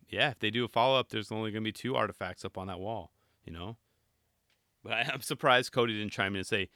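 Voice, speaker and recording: A man's voice: on the low side, expressive, fast, bright, forceful tone, no echo, clean studio sound. A man giving casual, chatty reaction commentary, rambling along with joking asides.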